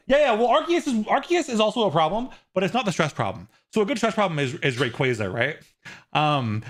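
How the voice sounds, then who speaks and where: A male streamer chatting off the cuff with his viewers, his voice sitting a little high and swinging widely in pitch. He rambles, restarts sentences and laughs often. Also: fairly bright tone. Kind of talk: casual live-stream chat with viewers.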